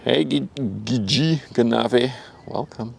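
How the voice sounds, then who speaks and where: A medium-pitched male voice with vocal fry takes its time as a young Dutch-accented host chats on a casual outdoor livestream by a river. Easygoing and talkative, he laughs often, names viewers as he responds to chat, and sometimes speaks softly for the sake of people nearby.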